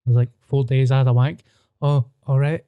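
Over phone-quality sound with no echo, a Scottish man hosts a podcast, spinning crude, animated tales amid plenty of laughter. His medium-pitched voice is clear and resonant, running a little fast.

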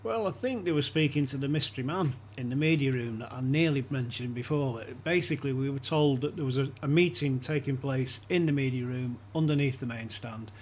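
A man's voice: medium pitch, a little fast, few pauses, a little mellow, a little hiss or hum. A man as a podcast guest, telling anecdotes in casual chat and chuckling often as he talks.

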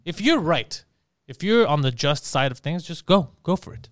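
A man co-hosting a podcast, telling a comedic story in a profane, animated way and acting out the voices of the people in it. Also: on the high side, normal speed, no room sound, studio quality. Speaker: podcast co-host.

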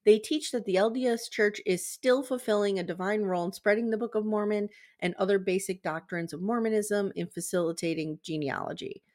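A woman co-hosting a casual podcast, reading research notes aloud and stumbling over words now and then. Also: medium pitch. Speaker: podcast co-host.

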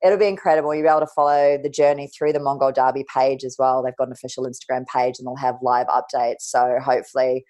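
A woman's voice: a bass voice, steady tone, quick pace, hardly any pauses, a little mellow. A young woman, a guest on a podcast, telling a personal story in a candid, casual way. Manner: candid, casual, swears lightly.

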